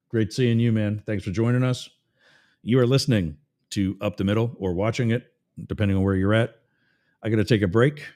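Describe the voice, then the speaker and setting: Ranting, low-voiced talk radio host. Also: male voice. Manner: ranting, sarcastic, animated storyteller. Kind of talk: talk radio monologue with a live-read ad.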